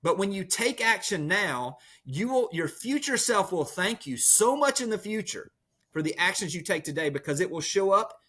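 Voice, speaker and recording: A man, a podcast guest, speaking as an energetic motivational storyteller who leans on metaphors. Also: high voice, moderate pace, breathy edge. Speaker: podcast guest, real estate leader. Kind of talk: motivational conversation.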